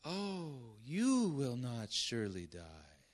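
A man voicing a sly male serpent who tells smooth lies in a soft, syrupy, hushed tone. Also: mid-range voice, wildly swooping pitch, takes it slowly. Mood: syrupy coaxing.

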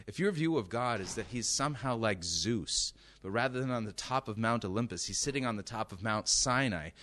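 Bright, emphatic male preacher. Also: on the low side. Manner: emphatic, asks the listeners rhetorical questions. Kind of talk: sermon.

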